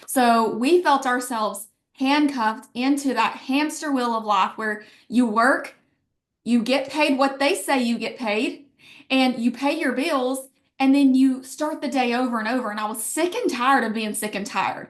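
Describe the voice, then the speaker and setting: Upbeat Alabama woman with a bright pitch. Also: normal speed. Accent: Southern US, Alabama. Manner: emphatic storytelling, quoting herself and others. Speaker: guest speaker on a business call. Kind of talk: motivational business pitch.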